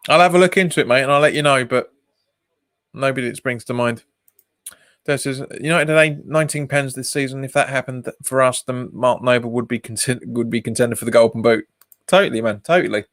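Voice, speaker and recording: A man's voice: mid-range voice, fairly quick, a bit bright, no room sound, studio quality. Chatty man hosting a football watch-along. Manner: reads viewer comments aloud and answers them, laughs often. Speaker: fan channel host.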